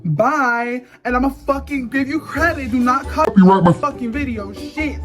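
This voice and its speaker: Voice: sits high, moderate pace, music in the background. Foul-mouthed ranting reaction host. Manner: loud, ranting, constant swearing. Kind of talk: profane casual reaction commentary.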